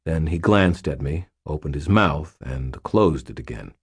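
A man narrating a first-person novel in a very low, husky voice. He reads at a measured, even storytelling pace. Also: no room sound, studio quality. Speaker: audiobook narrator.

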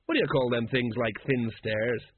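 A man voicing a grumbling, blustery middle-aged watch sergeant in a husky, raised voice. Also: mid-range voice, normal speed, no echo, natural voice. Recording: dry, narrow phone-like sound.

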